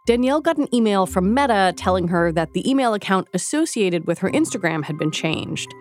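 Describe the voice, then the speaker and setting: A woman podcast host with a scratchy voice from a cold, narrating the story in a measured, explanatory way. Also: mid-range voice, expressive, soft background music. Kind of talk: scripted narration and interviewing.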